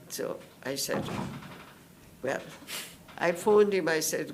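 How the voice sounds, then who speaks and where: An older woman from India giving spoken testimony at a public hearing, telling her story slowly and in detail and acting out what others said. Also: deep voice, darkish tone, a little hiss or hum. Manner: slow, detailed storytelling that acts out others' words.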